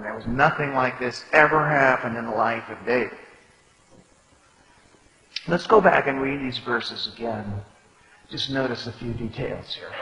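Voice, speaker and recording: A man's voice: medium pitch, sharp tone. A man preaching a sermon, explaining scripture in a conversational way and reading verses aloud. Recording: echoey hall with long reverb.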